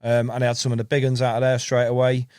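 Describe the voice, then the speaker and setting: Talking fast with a completely flat delivery, a male carp angler guests on a podcast, rambling through fishing tales while laughing, repeating himself, and saying "mate" often. His mid-range voice is a little mellow and smooth. The studio-quality recording has no echo.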